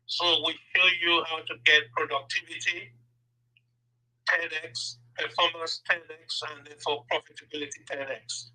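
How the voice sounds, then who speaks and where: Man business mentor, upbeat and emphatic, sharp bright high voice. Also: fairly even intonation, normal speed, rough recording. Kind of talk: motivational sharing.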